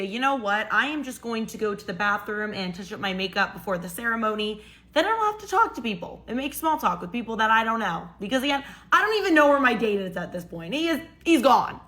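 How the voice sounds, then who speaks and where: A young woman chatting through a storytime while getting ready, animated and chatty with dramatic pauses. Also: on the high side. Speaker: storytime creator. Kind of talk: casual storytime while doing makeup.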